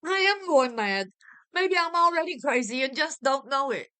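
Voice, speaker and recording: A woman's voice: sits high, animated, normal speed, bright, forceful tone, voice pushed up. A woman voicing a terrified, hysterical wife. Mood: distraught. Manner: distraught, shrieking. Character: frightened, hysterical young wife.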